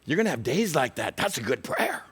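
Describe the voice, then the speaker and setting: A man's voice: medium pitch, a little fast, breathy edge. A male pastor delivering a sermon, telling stories animatedly and acting out quotes. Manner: animated storytelling with acted-out quotes.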